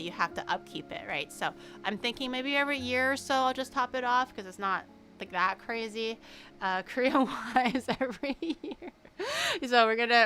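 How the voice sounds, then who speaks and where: A woman streamer chatting casually and telling stories in an animated way, laughing often. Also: medium pitch. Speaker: VTuber streamer.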